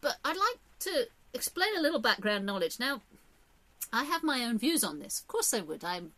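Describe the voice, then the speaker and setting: Bright and forceful, her fairly high voice swings widely in pitch as she talks at a moderate pace. The English vlogger rambles casually with plenty of fillers, giving opinions and jumping into sudden emphatic rises.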